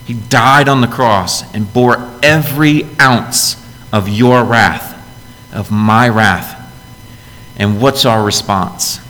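A man's voice: medium pitch, slow, sharp tone, in a large hall, poor audio. A man preaching a sermon as a pastor, earnest and direct, often putting questions to his listeners.

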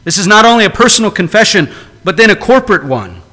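A man's voice: high voice, very animated, fast, bright, forceful tone. A man preaching a sermon to a congregation, earnest and emphatic, driving his points home with repeated phrases. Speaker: pastor. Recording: long reverb of a large hall.

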